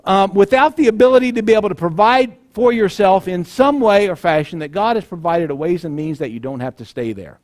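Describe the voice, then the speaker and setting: A man's voice: high-pitched, lively intonation, fairly quick, few pauses, a little mellow. A male pastor giving a sermon in a conversational way, acting out the people in the story.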